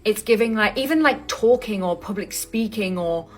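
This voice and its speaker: A woman giving an intuitive tarot reading to camera, talking casually, full of fillers and pausing to search for words. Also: mid-range voice. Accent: not American. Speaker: tarot reader.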